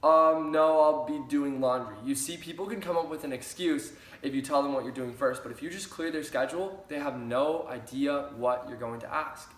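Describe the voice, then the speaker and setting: A man's voice: medium pitch, brisk, hardly any pauses. A young man giving an upbeat sales training talk, repeating key phrases for emphasis. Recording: roomy echo.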